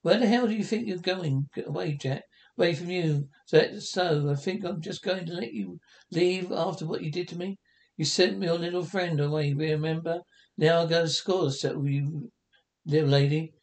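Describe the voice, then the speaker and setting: A man's voice: on the high side, moderate pace, darkish tone, lightly acted, low-quality recording. A man voicing a bullying, abusive husband who speaks in a sneering, menacing way.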